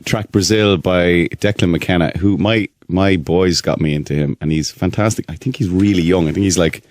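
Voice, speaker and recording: A middle-aged man with a very low, deep voice, talking softly and haltingly as a radio guest. He restarts his sentences often. The sound is dry and close to a studio microphone. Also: no room sound. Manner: soft-spoken, hesitant, many restarts. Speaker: actor guest. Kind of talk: radio interview chat.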